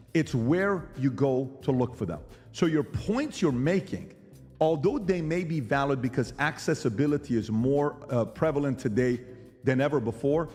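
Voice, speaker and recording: A man's voice: fairly high pitch, darkish tone, big-room sound. A middle-aged man hosting a podcast who argues emphatically, firing rhetorical questions and mimicking other people's lines. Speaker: podcast host. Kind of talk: animated debate monologue.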